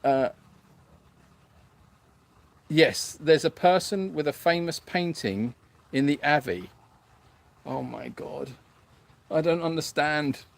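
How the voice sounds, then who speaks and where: A man's voice: on the high side, slow, vocal fry, pauses often. Chatty man hosting a livestream. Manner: hesitant and self-mocking, many fillers and restarts. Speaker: animal sanctuary host. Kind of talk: casual livestream chat reading viewer comments.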